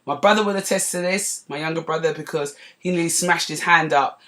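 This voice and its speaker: A woman hosting a podcast, telling a personal story in a chatty, digressive way that turns animated as she relives it. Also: sits low, brisk. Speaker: podcast host. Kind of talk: casual storytelling monologue.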